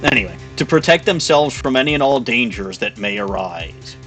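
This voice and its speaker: Male reader as a cold, formal assassin; slow, measured. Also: mid-range voice, lively intonation, fairly bright tone, faint music behind, close to an everyday voice. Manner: slow, deliberate, formal delivery.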